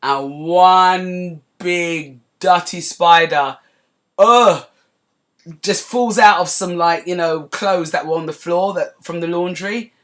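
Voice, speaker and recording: A woman hosting a podcast, telling a personal story in a chatty, digressive way that turns animated as she relives it. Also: lowish voice, slow. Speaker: podcast host. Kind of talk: casual storytelling monologue.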